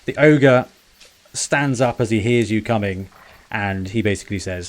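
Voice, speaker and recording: A man narrating a tabletop role-playing game as game master, casual and brisk with fillers. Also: lowish voice.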